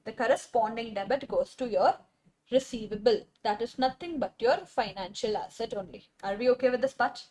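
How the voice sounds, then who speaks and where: A woman's voice: fairly high pitch, a little fast, a little mellow. A young woman giving a classroom accountancy lecture, repeating key terms and quizzing her students.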